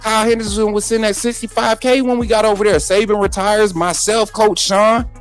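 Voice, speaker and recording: A man with a high-pitched voice hosts a live sports talk stream. He talks combatively and repeats himself, speaking straight to his viewers. Faint music plays behind him. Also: steady tone, a little fast. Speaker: sports show host.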